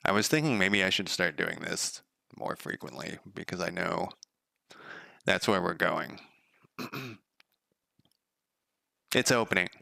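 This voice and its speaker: A man's voice: deep voice, lively intonation, slow, creaky, pauses often, sharp tone, dry recording. A man streaming as a game developer, talking through his code in a loose, sardonic, profane ramble. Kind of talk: casual live coding commentary.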